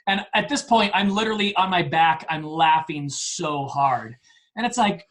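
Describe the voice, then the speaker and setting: A man in his forties, a podcast guest telling a story in a casual, animated way, often laughing and poking fun at himself. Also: on the high side, moderate pace. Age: 40s.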